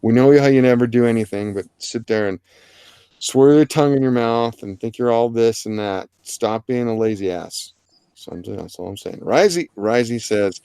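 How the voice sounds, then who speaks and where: Hosting a casual art livestream, a man rambles and jokes about the chat and the artists, often at his own expense. His voice is medium-pitched, warm and clean, at a moderate pace, with no room sound.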